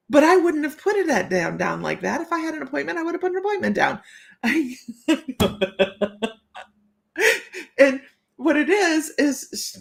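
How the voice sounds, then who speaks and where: A middle-aged woman with a high, creaky voice hosts a psychic livestream, chatting casually as she tells stories. She laughs a lot and acts out the voices of the people she quotes.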